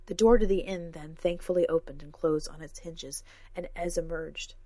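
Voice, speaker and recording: A woman's voice: sits low, steady tone, normal speed, mellow, dry recording. A woman reading a fantasy story aloud as scripted narration, raising her voice for the characters' lines. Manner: reads every character herself, lifting her voice for dialogue.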